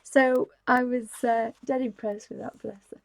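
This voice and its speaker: A woman's voice: a little high, steady tone, normal speed, creaky, dry recording, rough recording. A woman, chatting casually and giggling as she hosts a live stream. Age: 50s. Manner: chatty and giggly, rambling with restarts. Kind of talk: casual chat, showing things to camera.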